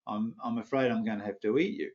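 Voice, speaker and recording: A man voicing a huge genie in a parable, flat and quietly threatening. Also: lowish voice, fast, lo-fi sound, lightly acted. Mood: menacing. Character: huge hungry male genie, matter-of-fact.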